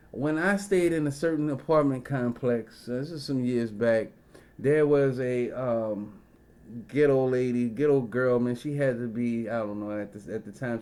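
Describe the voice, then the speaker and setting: A man's voice: medium pitch, dark tone. A man in a casual storytelling rant, profane and rambling, full of fillers and side remarks. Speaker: vlogger.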